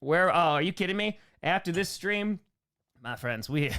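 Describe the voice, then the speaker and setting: A man's voice: high-pitched, animated, bright, forceful tone. A young man from New York hosting a casual live Q&A, reading out donors and chatting loosely and upbeat. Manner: loose and upbeat, quick thank-yous to donors. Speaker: livestream host answering superchats.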